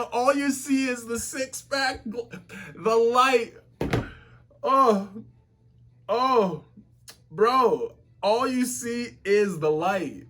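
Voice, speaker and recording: A man giving casual, excitable, slang-filled reaction commentary as a webtoon reactor. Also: high-pitched.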